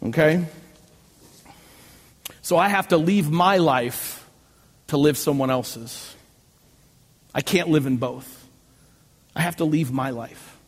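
A man preaching a sermon as pastor, telling personal stories with animated delivery and self-mocking jokes. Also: fairly high pitch, slow pace, pauses often, breathy edge. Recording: long reverb of a large hall.

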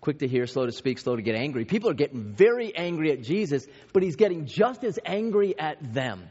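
Man, pastor, 30s or 40s, sermon, conversational anecdotes, slightly high voice, long hall reverb. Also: sing-song, brisk, a little mellow, husky. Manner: conversational, with self-deprecating family anecdotes and many restarts. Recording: reverberant hall, dull lo-fi sound.

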